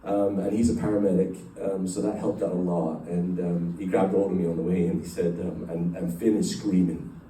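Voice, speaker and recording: A man's voice: sits low, little pitch movement, moderate pace, hardly any pauses, warm tone, a little hiss or hum. A middle-aged man telling an emotional personal story to a group, rambling with many fillers and restarts. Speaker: speaker addressing a company group. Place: large room with a live group. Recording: echoey room, voice picked up from a distance.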